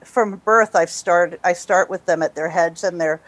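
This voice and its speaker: A woman from New Jersey, a dog trainer, gives calm, explanatory interview answers over headphones on a remote call, often restarting her sentences. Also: on the low side, moderate pace, dry recording. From New Jersey, USA. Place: temporary room away from home.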